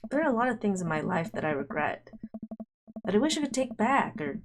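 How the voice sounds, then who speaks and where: A woman's voice: mid-range voice, big pitch swings, music in the background. A woman reading as an earnest, kind dad. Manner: earnest, encouraging, measured. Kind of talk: reading game dialogue aloud.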